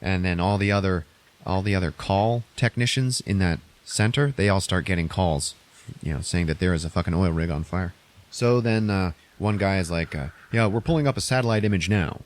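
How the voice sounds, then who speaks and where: A man's voice: deep voice, fairly quick. A man casually recapping a movie on a podcast, rambling and profane, acting out characters' lines in a raised voice.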